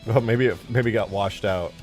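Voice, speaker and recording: A man's voice: lowish voice, moderate pace, soft background music. A young man casually chatting with his livestream chat while modding a game, joking around and swearing often. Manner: animated, swears often, jokey banter with chat. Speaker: streamer modding a video game.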